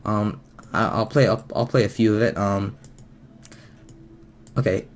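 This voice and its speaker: A man's voice: lowish voice, steady tone, unhurried. A male vlogger talks to his viewers in a loose, unscripted way. He hesitates often, filling gaps with ums and starting sentences over as he works out his thoughts. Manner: hesitant and rambling, full of ums and restarts. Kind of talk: casual video commentary.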